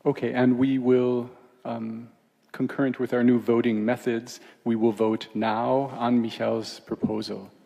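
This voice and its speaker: A male moderator runs the vote in a brisk, procedural way. His voice is gravelly and flat, with a dark tone. It echoes through a large hall. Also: mid-range voice, dull audio. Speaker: debate moderator.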